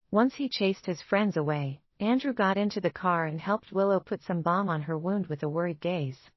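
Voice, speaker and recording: A woman giving scripted romance narration in an even, steady reading. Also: fairly low pitch, no room sound, highs cut off.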